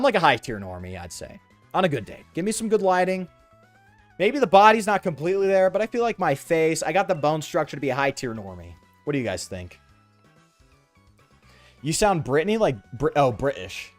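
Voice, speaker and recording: Sarcastic and offhand, this young man rambles with his chat in slangy talk while streaming a game for casual let's-play commentary. His voice is on the high side, with no room sound.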